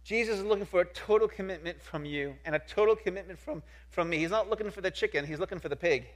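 A man preaching a sermon as pastor, emphatic and repetitive, asking rhetorical questions and swinging from soft to loud. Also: high-pitched, quick pace.

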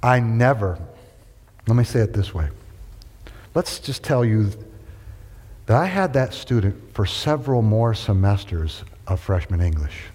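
A man's voice: fairly low pitch, a little slow, long pauses. A middle-aged man preaching a storytelling sermon, acting out the people in his story as he goes. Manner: animated, acts out every quote. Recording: long reverb of a large hall.

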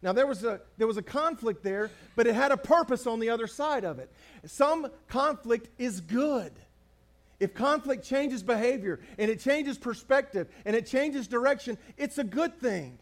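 Pastor, male, high-set voice, chatty humorous preaching with repeated lines. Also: lively intonation, moderate pace. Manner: conversational preaching, humorous asides, repeats phrases for emphasis. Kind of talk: sermon.

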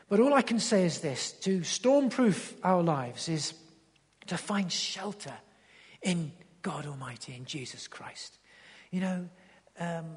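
Impassioned high-voiced preacher, husky, in a hall. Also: male voice. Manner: impassioned, swings from loud urging to hushed; repeats words when building a point. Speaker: pastor. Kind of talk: sermon. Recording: long hall reverb.

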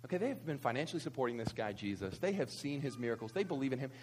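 A man's voice: mid-range voice, animated, very fast, a little mellow, a little hiss or hum. A man, preaching a conversational sermon full of rhetorical questions and asides. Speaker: pastor.

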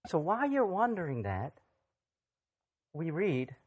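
Preacher chatting through a sermon, really animated up and down voice, keeps asking the crowd stuff. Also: medium pitch, a little slow. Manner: lively, asks the audience direct questions; conversational, acts out scripture voices.

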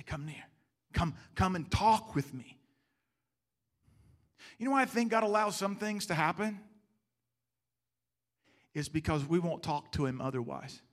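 A man with a high, tense, bright voice preaching a sermon. He stumbles over quick restarts and fires rhetorical questions at the congregation. He swings between forceful emphasis and soft, hushed passages.

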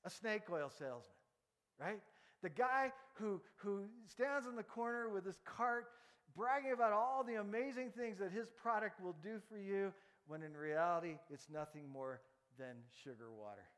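A man's voice: sits high, expressive, moderate pace, a bit bright, in a large hall. A male pastor preaching a sermon, telling stories, asking the congregation to repeat after him, and often restarting words. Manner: storytelling, interactive, repeats words.

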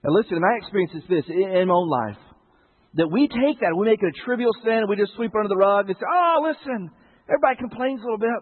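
Male preacher, high husky voice, chatty sermon delivery with rhetorical questions, tinny lo-fi broadcast sound. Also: fast. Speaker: pastor.

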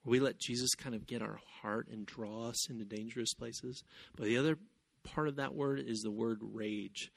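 A male pastor preaching a sermon, who tells a story in animated, sometimes loud bursts. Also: mid-range voice, vocal fry. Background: guitar music.

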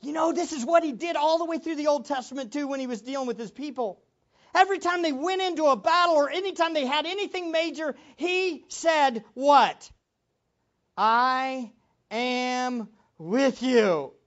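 A preacher giving an impassioned sermon, moving from quiet reflection to loud exclamations and closing in prayer. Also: sits high, moderate pace, lo-fi sound. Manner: ends in prayer.

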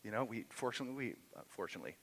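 A man's voice: medium pitch, animated, very fast, a bit bright, a little hiss or hum, poor audio. A middle-aged man preaching a sermon in a church, telling a personal story and building to impassioned emphasis. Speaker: pastor. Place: church sanctuary.

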